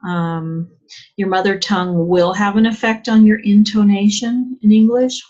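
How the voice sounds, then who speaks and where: A woman's voice: medium pitch, fairly even intonation, unhurried, darkish tone. A woman teacher giving a chatty English exam lesson, asking rhetorical questions and using plenty of fillers. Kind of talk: online lesson. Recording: dull lo-fi sound.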